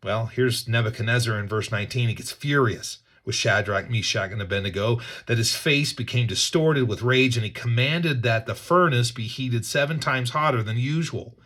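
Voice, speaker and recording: A man's voice: medium pitch, normal speed, few pauses, fairly bright tone. A man reading scripture with commentary, earnest and emphatic, often repeating words as he thinks aloud. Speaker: Bible teacher.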